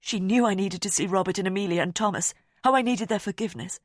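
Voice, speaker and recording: A woman's voice: medium pitch, quick pace, no room sound, clean studio sound, pitched above the performer's own voice, natural voice. A woman voicing a distressed, tearful mother who feels guilty.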